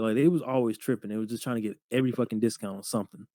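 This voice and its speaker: A young man in his twenties, co-hosting a podcast, telling job stories in a casual, profane, animated way full of slang. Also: medium pitch, very fast, dry recording. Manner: slangy, profane, animated retelling with lots of "bro". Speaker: podcast co-host. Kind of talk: casual storytelling chat.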